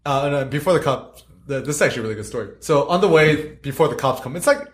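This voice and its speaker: A man, a guest street photographer, telling stories on a podcast in an animated way and acting out the people he quotes. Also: on the high side, very fast. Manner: animated, laughs often, acts out quotes. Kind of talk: casual podcast storytelling.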